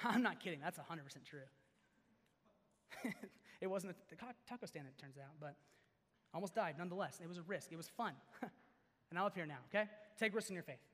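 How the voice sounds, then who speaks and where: Young guy preaching, lively and jokey, goes loud then quiet, voice on the higher side, big echoey hall. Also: a little fast, pauses often. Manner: animated, joking, swings from loud to hushed. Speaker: youth pastor. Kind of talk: sermon. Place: large hall before an audience. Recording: long hall reverb.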